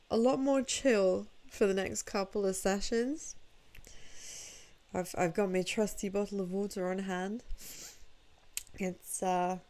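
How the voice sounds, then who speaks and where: Medium in pitch and darkish in tone, the voice belongs to a drowsy VTuber gaming from home. She keeps the live-stream chat casual, teasing herself playfully as she talks with viewers.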